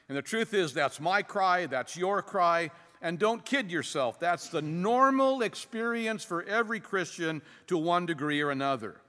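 A man preaching a sermon as pastor, earnest and emphatic, with dramatic pauses. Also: a little high, animated, sharp tone. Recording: long hall reverb.

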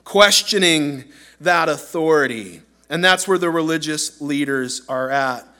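A man's voice: on the high side, a little slow, pushed and bright. A man preaching a sermon as pastor in a church, earnest and emphatic, acting out the voices he quotes.

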